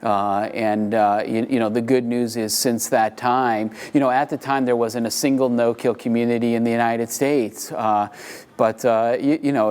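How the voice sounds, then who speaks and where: A man's voice: medium pitch, darkish tone. A man answering interview questions about animal shelters in an earnest way, with many fillers and restarts.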